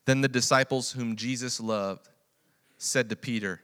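A man preaching a sermon, going from quiet reflection to loud, excited storytelling with frequent laughter. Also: mid-range voice, measured pace, smooth.

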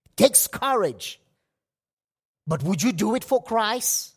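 A man preaching a sermon, slow and emphatic, with pauses between phrases. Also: high-pitched, sing-song, vocal fry, breathy edge. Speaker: pastor. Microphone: livestream setup.

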